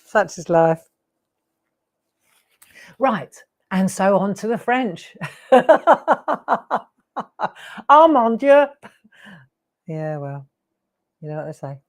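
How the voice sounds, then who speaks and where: A woman's voice: on the low side, animated, takes it slowly, long pauses, darkish tone. A woman in her sixties hosting a live craft show, chatty and rambling with laughing asides. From England. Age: 60s. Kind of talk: live craft demo chat.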